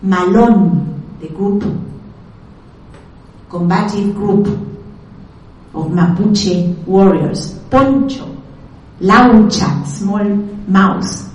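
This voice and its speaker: A woman lectures slowly and carefully, pausing on each example word. Her voice is mellow and unhurried. She sounds distant from the mic in a strongly echoing room. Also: medium pitch. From Argentina. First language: Spanish. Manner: slow, deliberate, spells out words carefully. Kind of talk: lecture on language history. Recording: echoey room, speaker far from mic.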